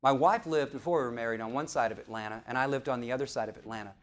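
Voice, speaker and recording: A middle-aged man from St. Louis, a professional speaker telling a story on stage, animated and playful, quizzing the audience. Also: mid-range voice, very fast. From St. Louis, USA. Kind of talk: storytelling keynote speech.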